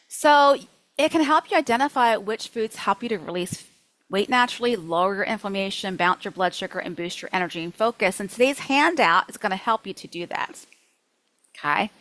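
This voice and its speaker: A woman's voice: on the high side, brisk, no echo, poor audio. Chatty upbeat woman coach, dry sound. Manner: lively, chatty, acts out her own inner thoughts. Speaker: nutrition coach. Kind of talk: workshop teaching.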